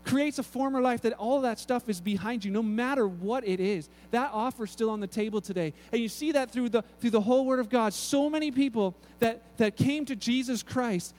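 A male pastor delivering a sermon, telling stories with lively acted-out voices and often repeating words as he goes. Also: very high voice, a little fast, few pauses. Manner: animated storytelling, acts out voices, frequent repeated words.

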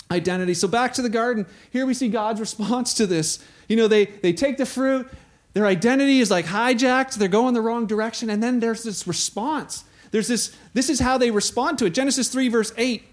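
A man preaching a sermon in a conversational way, acting out the voices he quotes. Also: very high-pitched.

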